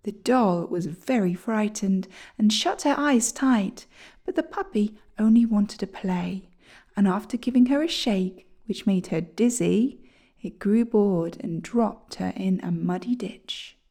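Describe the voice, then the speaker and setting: A woman reading a children's storybook aloud, gentle and often near a whisper. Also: mid-range voice, a little slow.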